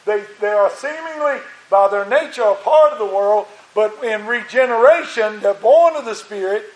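In an echoey church sanctuary, a man preaches at a moderate pace with a high voice. This pastor leans on emphatic, repeated phrases while his voice strains through the sermon.

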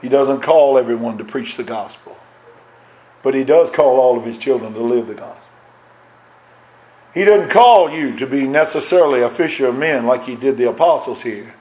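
A man's voice: mid-range voice, darkish tone, roomy sound, poor audio. A man preaching a sermon in an impassioned cadence that swells and drops.

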